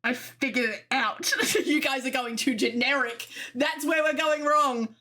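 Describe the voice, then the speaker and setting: A woman's voice: high voice, measured pace, pushed and bright. A young Australian woman streaming from home, chatting in a bubbly, rambling way and often giggling. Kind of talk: casual live-stream chat.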